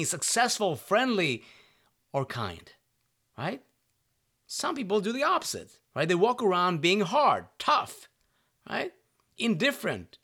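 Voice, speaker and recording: Male motivational speaker, slightly high voice with a very animated melody, earnest and direct, keeps asking if you're with him. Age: adult parent. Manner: earnest, keeps checking in with the listener with "right?" and direct questions. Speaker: self-help speaker. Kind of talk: motivational monologue.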